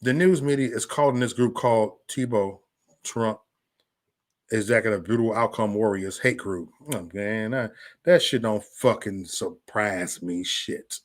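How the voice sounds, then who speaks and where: Speaking a little slowly in a lowish voice, this man hosts a livestream and rants profanely at people criticizing him. He gets heated, repeats himself, stammers and restarts, and reads chat comments aloud as they come in.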